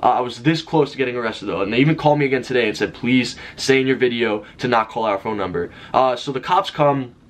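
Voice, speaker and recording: Fast-talking young man telling a story. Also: mid-range voice. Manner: fast, animated storytelling with shouted name calls. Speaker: vlogger. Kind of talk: casual storytelling to camera.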